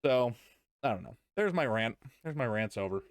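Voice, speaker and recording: A young man on a casual podcast, ranting with sarcasm and frequent swearing, voice bouncing up and down in pitch. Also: expressive, moderate pace, dry recording, clean studio sound. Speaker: podcast co-host. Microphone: desk podcast mic.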